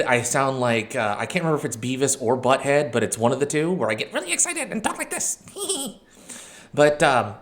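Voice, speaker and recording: A man hosting a let's-play, commentating a match with excitable outbursts, shouting at his players and correcting himself. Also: medium pitch. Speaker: video game channel host.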